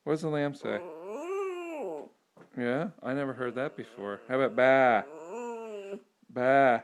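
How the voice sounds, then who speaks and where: A man's voice: mid-range voice, moderate pace, highs cut off. A man as a parent asking a small child patient, coaxing questions in a casual home video. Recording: home video with steady background noise.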